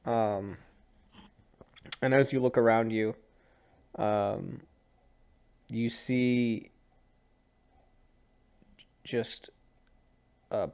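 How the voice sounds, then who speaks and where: A man running a tabletop game as its game master, narrating loosely and often stopping for fillers. His voice sits at an ordinary middle pitch. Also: fairly even intonation, very slow, pauses often, darkish tone, clear, resonant tone.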